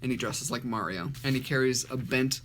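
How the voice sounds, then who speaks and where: A man talking casually in a comedic vlog, full of sarcastic, self-mocking remarks. His pitch sits in an ordinary middle range, and he keeps breaking into short laughs between dry jokes. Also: a little fast, fairly bright tone, slight background noise. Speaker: YouTuber reviewing his childhood drawings.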